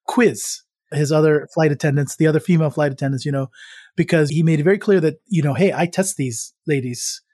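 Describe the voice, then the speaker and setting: Male podcast co-host, casual storyteller, higher-pitched, dry close recording. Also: fairly even intonation, fast talker, a little mellow, dry recording. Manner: chatty, laughs often, many restarts. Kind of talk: casual travel chat.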